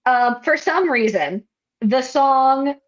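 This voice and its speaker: A woman's voice: high voice, expressive, slow, lo-fi sound. A young woman co-hosting a podcast in casual chat, rambling and laughing at herself as she talks. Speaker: podcast co-host.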